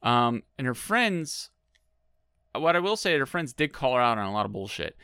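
A man's voice: medium pitch, moderate pace, clean tone, no echo, studio quality. A man co-hosting a podcast, recapping a reality show in casual, sarcastic chat. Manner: sarcastic, jokey, animated. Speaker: podcast co-host.

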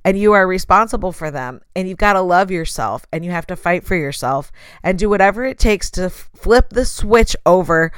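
A woman's voice: fairly low pitch, lively intonation, normal speed, smooth, no echo, studio quality. A woman hosting a motivational talk, speaking straight to her listeners and acting out voices in quoted asides. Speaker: podcast host.

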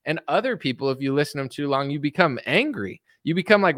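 A man's voice: fairly high pitch, animated, quick pace, hardly any pauses, a bit bright, no echo, clean studio sound. A man giving a casual opinion monologue, rambling with constant fillers. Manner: rambling, heavy use of filler "like". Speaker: political commentator.

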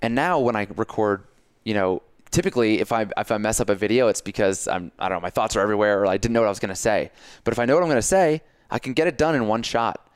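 A man hosting a casual podcast chat, coaching and telling stories in an animated way, acting out his own self-talk. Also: on the low side, quick pace, clean tone, no room sound, studio quality. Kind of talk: casual conversation.

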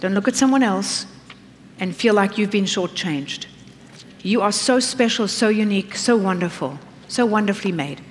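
A middle-aged woman pastor preaching a sermon, animated and acting out the voices she quotes. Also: mid-range voice, normal speed, big-room sound, a little hiss or hum.

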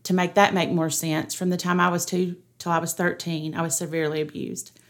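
A middle-aged woman, a pastor giving an earnest, steady personal testimony on a podcast. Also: lowish voice, fairly quick. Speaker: pastor, guest.

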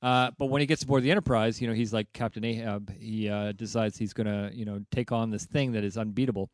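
This fairly low-pitched podcast co-host talks fast as he relays a TV episode in casual chat, acting out lines and humming the music cues like an animated storyteller. No room sound comes through.

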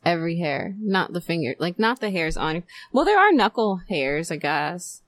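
A woman hosts a loose, joking podcast conversation, her pitch swinging widely as she reacts and laughs. The sound is dry and close, with no room around her voice. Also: big pitch swings, moderate pace, no room sound. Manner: playful, laughs often, steers the conversation. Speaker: podcast host. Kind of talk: casual chat.

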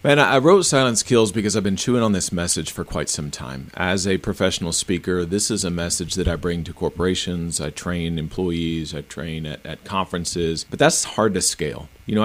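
A middle-aged man, a professional speaker and author, answering interview questions in an earnest, emphatic way. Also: low voice. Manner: emphatic, earnest, explains in practical steps.

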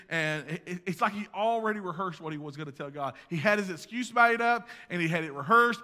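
A man preaching a sermon as pastor, swinging between loud emphasis and hushed asides, recorded in a church sanctuary. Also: high-pitched, quick pace, hardly any pauses. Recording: long reverb of a large hall.

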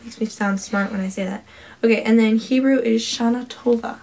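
A woman casually quizzing a friend on holiday trivia, playful and quick to laugh. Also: a little high, steady tone, a little mellow. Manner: playful, laughs often, tries out foreign words. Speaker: trivia quiz partner. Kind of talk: casual chat.

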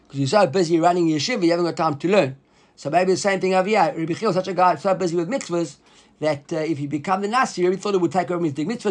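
Male Talmud teacher, high voice, lively and animated lecturing. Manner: animated, acts out the quoted rabbis in a raised voice; mixes Hebrew and Aramaic terms into English.

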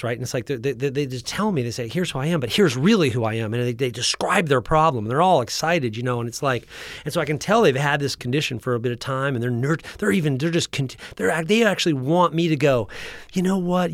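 Energetic man coaching in a dry room. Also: mid-range voice, dry recording. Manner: energetic, keeps checking in with the listener; frequent restarts and repeated words. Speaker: practice growth coach and podcast host. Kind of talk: teaching talk with a drawing.

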